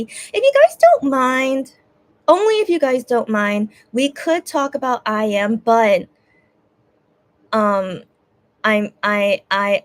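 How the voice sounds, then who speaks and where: A young woman talks to her stream viewers in a casual, rambling way. She keeps stumbling over her words and restarting, and her voice is teary. Her pitch sits in the middle range. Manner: hesitant, restarts often, emotional. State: teary, on the verge of crying. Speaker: livestream host. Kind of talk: casual livestream chat.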